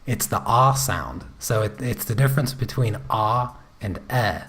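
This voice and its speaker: An American man with a lowish, somewhat bright voice hosts an art livestream, drawing while he chats casually with viewers. As he answers comments, his speech is halting and full of fillers.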